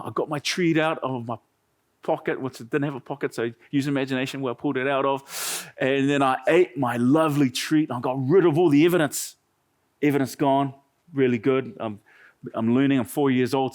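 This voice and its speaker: A man with a New Zealand accent preaching a sermon, telling a humorous story with chatty asides to the congregation. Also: a little high. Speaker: pastor.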